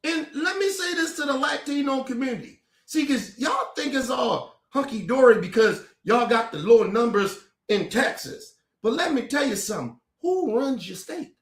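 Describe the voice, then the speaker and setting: With a very high-pitched, lively voice at normal speed, the commentator launches into a furious, foul-mouthed tirade to camera. He stumbles and repeats words as he goes, and the room around him echoes.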